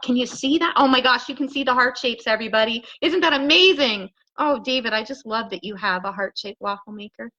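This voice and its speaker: Woman hosting a cooking live stream, high voice, bubbly, laughs a lot, kitchen, laptop mic. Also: a bit bright, muffled recording. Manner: bubbly, gushing, laughs often, chats to viewers. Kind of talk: casual live-stream chat. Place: home kitchen. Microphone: laptop on the counter.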